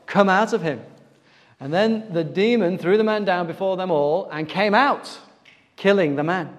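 A man's voice: high voice, moderate pace. A man preaching an interactive Bible talk in a church, quizzing his listeners to fill in missing words. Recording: long reverb of a church hall.

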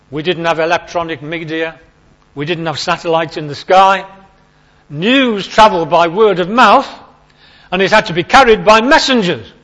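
Male preacher, informal chatty sermon, emphatic repetition, slightly high voice, muffled lo-fi sound. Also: fairly bright tone. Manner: chatty, emphatic, repeats key phrases. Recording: lo-fi recording.

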